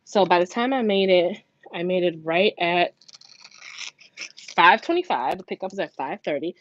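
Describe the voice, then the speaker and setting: At a moderate pace, a mother who runs a budgeting vlog tells the camera a long, animated story about her morning, swearing freely. When quoting others she raises her pitch to act them out, and the sound is dull and lo-fi with faint background noise.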